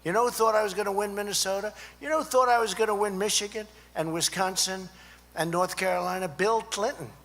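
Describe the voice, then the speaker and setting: A man with a high, a bit bright voice talks a little fast, his intonation fairly even. He's improvising a speech at a student conference, going in circles and repeating points amid many asides to the crowd. The hall is echoey, with a faint hum underneath.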